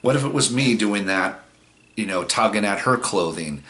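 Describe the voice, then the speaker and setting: Low-voiced man telling a rambling story. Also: animated, moderate pace, fairly bright tone. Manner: rambling, profane, many fillers. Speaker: vlogger. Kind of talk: casual storytelling.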